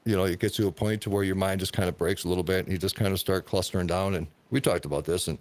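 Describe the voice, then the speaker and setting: Podcast host, male, lower voice, profane and emphatic in casual talk. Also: fairly even intonation, racing.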